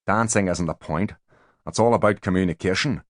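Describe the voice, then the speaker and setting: A man doing a calm giant bodyguard. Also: low voice, brisk, no room sound, studio quality, lightly acted. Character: giant loyal male bodyguard, calm, soldierly.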